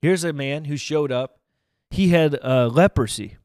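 A man preaches to an online audience with fervent, emphatic delivery, often building to loud declarations. His voice sits a little high for a man. The sound is dry and close, with no room echo. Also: unhurried, clear, resonant tone. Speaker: evangelist preacher. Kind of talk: livestreamed sermon. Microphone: camera mic, speaking to online viewers.

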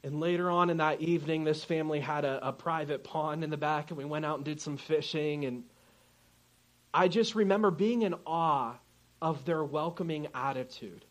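A pastor with a fairly high voice preaches to his congregation, spinning a lively personal story. He plays the people he quotes, switching voices as the tale goes on. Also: normal speed. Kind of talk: sermon with storytelling.

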